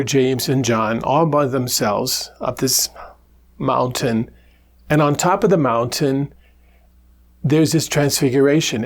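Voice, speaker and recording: A Capuchin friar giving a gentle, reflective gospel reflection, with small laughs and restarts as he talks. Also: medium pitch.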